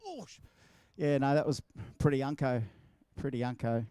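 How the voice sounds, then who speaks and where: A man's voice: mid-range voice, lively intonation, normal speed, warm tone, clear, resonant tone, no room sound. An Australian man working as MC at an outdoor racetrack, bantering with the crowd in a jokey, teasing way. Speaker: event MC. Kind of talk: crowd banter at a live event. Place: outdoor drag racing track.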